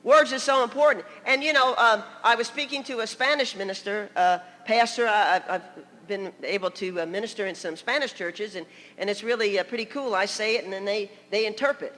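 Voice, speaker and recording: Bright-voiced older woman preaching with humor. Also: mid-range voice, a little fast. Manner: lively, laughing storyteller. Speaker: guest preacher. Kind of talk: humorous sermon storytelling. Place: church sanctuary. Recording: long church hall reverb.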